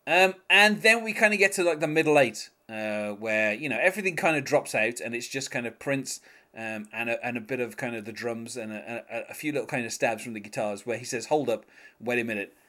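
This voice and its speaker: This podcast co-host's mid-range voice sounds pushed and bright, with lively intonation and a fairly quick pace. On a casual music show he talks hesitantly and chattily, peppering his speech with fillers and little laughs as he reads lyrics out loud.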